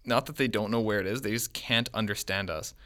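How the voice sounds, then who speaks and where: Young man, casual storyteller, bright and forceful tone, lower-pitched. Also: a little fast. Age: 20s. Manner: rambling, animated storyteller with quoted voices.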